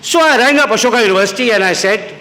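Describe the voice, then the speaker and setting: A man in his sixties from India tells anecdotes in a public lecture, breaking into quoted voices and restarting his phrases. His voice sits high and bright. The sound rings with the long echo of a lecture hall. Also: racing. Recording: echoey hall.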